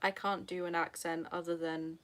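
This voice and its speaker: A woman's voice: on the low side, level tone, moderate pace, fairly bright tone. Giggly young British woman livestreaming. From England. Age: young adult. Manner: giggly, chatty, self-deprecating, reading chat. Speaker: YouTuber live streaming. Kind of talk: casual live stream chat. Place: at home on a sofa.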